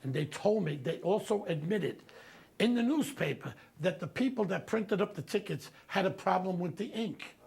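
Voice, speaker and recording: A gravelly New man with a fairly high voice delivers brash, profane stand-up stories. His telling is animated and blunt. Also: moderate pace. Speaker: comedian storyteller. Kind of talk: stand-up storytelling.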